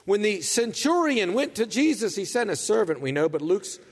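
A man's voice: high-pitched, very animated, moderate pace, big-room sound. A man preaching a sermon, reading scripture and voicing anguished questions with earnest intensity. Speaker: pastor.

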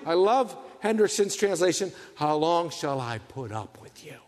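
A man preaching a sermon, swinging from hushed, low passages to fervent, raised ones. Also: expressive, normal speed, few pauses, in a large hall.

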